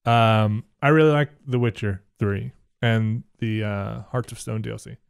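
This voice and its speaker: A man's voice: fairly low pitch, fairly even intonation, a little slow, creaky, clean tone, no echo, studio quality. A young man giving loose, chatty commentary while playing a video game, swearing now and then. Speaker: game streamer. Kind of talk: casual let's play commentary.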